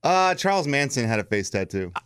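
A man co-hosting a casual sports talk show, self-deprecating and quick to laugh. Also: medium pitch, very animated, a bit bright, smooth, no room sound, studio quality. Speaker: co-host.

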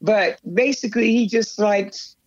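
An older woman talks through a long personal memory, circling back and restarting her sentences as she goes. Her voice sits at a middling pitch. The sound is dry and a little dull. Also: measured pace, no echo. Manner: rambling, animated, with frequent restarts and laughs. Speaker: guest. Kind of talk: storytelling in a conversational interview.

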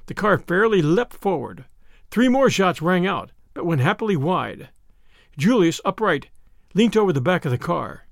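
A man narrating a novel in an expressive, animated reading. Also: high voice, moderate pace, vocal fry, dry recording, clean studio sound. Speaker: audiobook narrator. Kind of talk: scripted narration.

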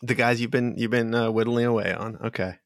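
A man running a tabletop game as game master, relaxed and hesitant, with many fillers. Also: mid-range voice, a little fast, dry recording, clean studio sound.

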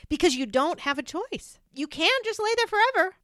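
A woman's voice: very high voice, big pitch swings, normal speed, a bit bright, no echo, clean studio sound. A woman hosting a podcast, giving empathetic, affirming replies in a conversational interview. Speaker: podcast host.

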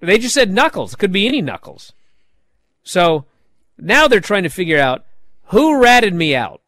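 A man hosting a wrestling podcast talks in a lively, swooping voice that sits a little high for a man. He tells stories animatedly and drops into mocking impressions. The sound is dry and close to the mic. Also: a little slow, dry recording. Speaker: podcast host recapping wrestling. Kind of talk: casual recap chat.

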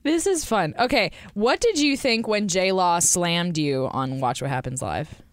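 A woman's voice: on the low side, expressive, a little slow, no room sound. A young woman hosting a podcast in casual chat, dry and sarcastic, laughing often. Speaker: podcast host.

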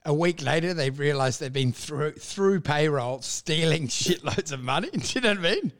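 A man's voice: fairly high pitch, expressive, normal speed, fairly bright tone. A man co-hosting a comedy podcast with wry, rambling banter. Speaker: podcast co-host.

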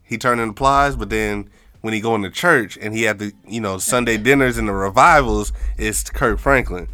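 A man's voice: on the low side, normal speed, sharp tone, no echo. A man co-hosting a casual chat podcast, joking and laughing often as he talks. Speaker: podcast co-host.

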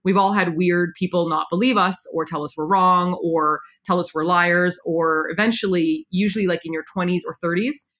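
A woman in her thirties, born in Canada, chats openly as an interview guest. Her voice is bright and forward, and she tells long, candid stories with an easy flow. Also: fairly low pitch, fairly even intonation, moderate pace, few pauses. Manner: chatty, candid storytelling. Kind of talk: casual conversational interview.

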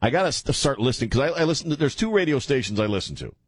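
A man's voice: medium pitch, very animated, rapid-fire, husky, dry recording. A man hosting a radio show, chatting casually and rambling with many restarts.

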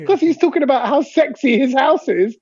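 A man's voice: very high voice, expressive, brisk, darkish tone, lo-fi sound. A man from hosting a podcast, teasing his co-hosts and laughing often in casual banter. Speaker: podcast host.

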